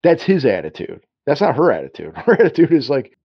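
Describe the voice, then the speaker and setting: A man's voice: mid-range voice, huge pitch swings, brisk, slightly rough, no echo. Guy rambling on a film podcast, keeps restarting, acts out lines, dry dull lo-fi sound. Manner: rambling, self-interrupting, acts out quotes. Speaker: podcast co-host. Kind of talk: casual film discussion.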